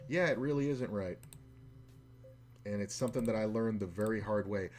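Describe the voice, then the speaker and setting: A man with a lowish voice chats casually while he plays online poker on stream. He rambles, fills his talk with little fillers and swears freely. There is a faint background hiss under his voice. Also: moderate pace, darkish tone. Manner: profane, rambling, full of fillers.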